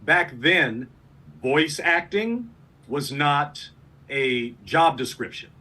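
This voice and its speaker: A man from Los Angeles recalling stories in a relaxed interview. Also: a little high, extremely slow. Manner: relaxed storytelling, loose restarts. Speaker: interview guest. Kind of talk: casual interview chat.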